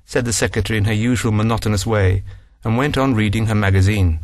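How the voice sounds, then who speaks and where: A man's voice: on the low side, a little fast, no echo, clean studio sound. A man narrating a scripted story and announcing numbered sections. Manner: reads numbered sections aloud.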